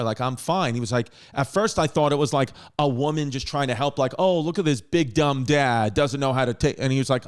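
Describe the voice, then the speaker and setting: A man in his thirties hosting a podcast, telling a story in a rambling, animated way with frequent restarts and swearing. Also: mid-range voice. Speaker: podcast host. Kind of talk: casual storytelling.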